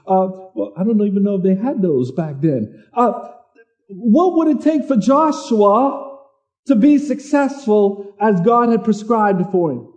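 Male preacher, very high voice, soft dark tone, muffled lo-fi recording, conversational sermon. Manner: conversational preaching, repeats words, reads scripture slowly.

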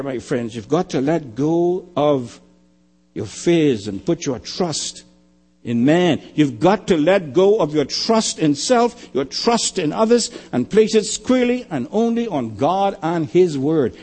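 Older male pastor, emphatic sermon delivery, voice sits a little high, swells on key lines. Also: expressive, unhurried. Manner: emphatic preaching, swelling louder and higher on key phrases.

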